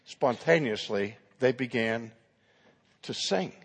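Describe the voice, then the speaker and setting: A man's voice: medium pitch, expressive, slow pace, slightly rough, big-room sound. A man preaching a sermon who tells his story dramatically and acts out the dialogue.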